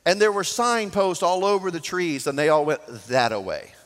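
A man preaching a sermon as pastor, swinging from loud to soft. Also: sits high, big pitch swings, normal speed, long reverb tail.

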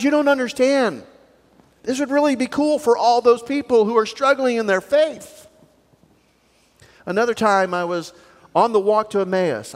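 With a strikingly high, bouncy voice, a pastor delivers an animated sermon packed with storytelling, acting out the voices of the characters as he goes. His words ring through a church sanctuary with a long reverb.

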